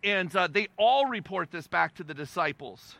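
High, gravelly, bright-voiced preaching man. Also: animated, moderate pace, no room sound. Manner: conversational and emphatic, repeating phrases for stress, with wide swings in loudness. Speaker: pastor. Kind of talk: sermon.

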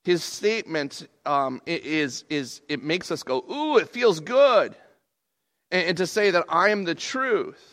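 A man preaching a sermon in a conversational, animated way, often restarting his sentences. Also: on the high side, measured pace, hardly any pauses. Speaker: pastor.

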